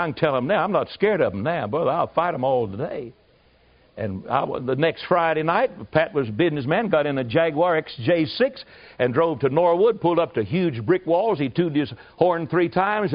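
A man preaching, telling a folksy, animated story with asides to his listeners. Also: fairly high pitch. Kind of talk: storytelling sermon. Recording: muffled lo-fi recording.

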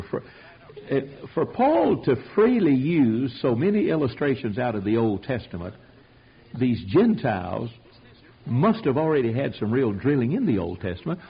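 A man's voice: medium pitch, breathy edge, highs cut off. A man teaching a Bible study sermon in a folksy, emphatic way, acting out quotes, heard on an old tape recording. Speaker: preacher teaching a Bible class.

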